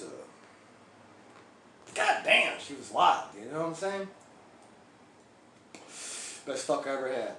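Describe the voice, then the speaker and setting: A man's voice: on the high side, fairly bright tone. An actor playing a crude, foul-mouthed male biker gang member who rambles through a comic monologue in an echoey room. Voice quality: profane, rambling storyteller. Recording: echoey room, faint background hiss.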